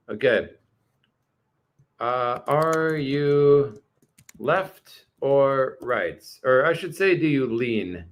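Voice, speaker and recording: A man's voice: mid-range voice, animated, very slow, lo-fi sound. A man from Canada hosting a casual livestream, chatting with viewers in a rambling way full of fillers and restarts. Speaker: livestream host reading chat.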